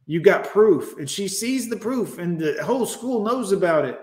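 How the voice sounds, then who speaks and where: A crude, mocking man riffs at his viewers in a casual, animated monologue. His voice sits high for a man. The sound rings in an echoey room. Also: a little slow, hardly any pauses.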